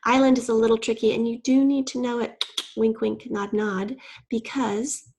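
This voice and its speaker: A woman's voice: on the high side, fairly even intonation, moderate pace, a little mellow, slightly rough. A woman teacher patiently explaining spelling rules in a playful, step-by-step way. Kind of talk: spelling lesson.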